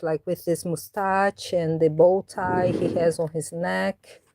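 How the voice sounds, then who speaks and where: A woman vlogging casually about her cats, coaxing them with meows and baby talk between relaxed explanations. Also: fairly low pitch, a little slow, no room sound. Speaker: cat owner and vlogger. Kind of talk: casual vlog narration.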